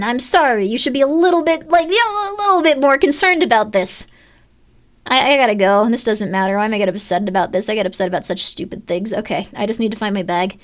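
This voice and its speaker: A young woman streaming a horror game, talking in an animated, self-deprecating way with lots of fillers and rambling asides. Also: fairly high pitch, quick pace. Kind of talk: live let's-play commentary.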